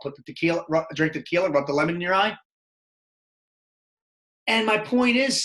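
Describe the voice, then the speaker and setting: A middle-aged man, telling rambling, profane stories as a podcast guest. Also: fairly high pitch. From Baltimore, Maryland. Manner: profane, rambling, animated storytelling. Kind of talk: casual storytelling interview.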